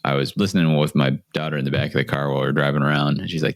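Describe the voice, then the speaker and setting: A man with a very deep, gravelly voice, recorded dry and close. He chats in an easygoing way, often breaking into laughter, and reads intros plainly. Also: fairly even intonation, very fast, no echo. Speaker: podcast co-host. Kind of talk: casual chat and read story intro.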